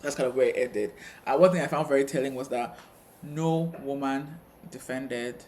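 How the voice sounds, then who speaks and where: A man co-hosting a casual TV review chat, retelling scenes with quick asides. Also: mid-range voice, a little mellow, slight background noise. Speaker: co-host of a TV review channel.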